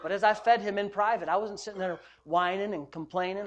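Joking, animated middle-aged preacher man. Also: high voice, brisk, hardly any pauses. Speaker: pastor. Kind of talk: sermon.

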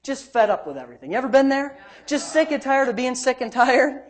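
A man preaching a sermon and telling his own story. He swings between loud, emphatic preaching and low, muttered asides, and he acts out the quoted voices. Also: sing-song, a little fast. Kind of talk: sermon with personal testimony.

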